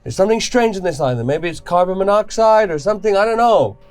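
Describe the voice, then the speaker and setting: A man at a tabletop game, reassuring and soothing in character. His voice is high for a man and lively in pitch. Soft music sits underneath. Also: fast talker. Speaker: player.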